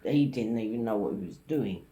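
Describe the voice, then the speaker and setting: Lively woman telling a story. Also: a bass voice, brisk, roomy sound. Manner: animated anecdote-telling, quotes others. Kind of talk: casual chat.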